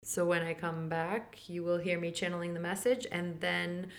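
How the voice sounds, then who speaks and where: A woman's voice: fairly even intonation, normal speed. A woman hosting a spiritual podcast, talking casually and chatting about her week and her courses. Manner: chatty, laughs often, quotes others with raised pitch. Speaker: podcast host and Akashic Records teacher. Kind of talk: casual chat.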